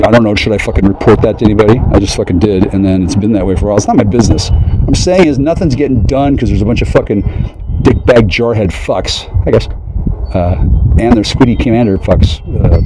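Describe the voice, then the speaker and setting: A man in a rambling, profane monologue who keeps breaking into mocking high voices. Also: fast talker, noisy background.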